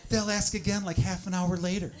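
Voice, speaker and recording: A man performing a stand-up comedy set on stage, animated and swinging into loud exasperated bits. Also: high voice, fairly quick. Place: comedy club stage with audience laughter. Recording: noisy live club recording.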